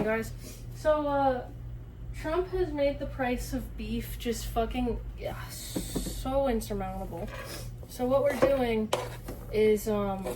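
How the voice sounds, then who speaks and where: A woman vlogger chatting casually while she cooks in a kitchen, rambling, mocking herself and swearing freely. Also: a little high. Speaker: streamer and cooking vlogger. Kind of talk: casual cooking vlog chat. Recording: noisy kitchen with chopping sounds.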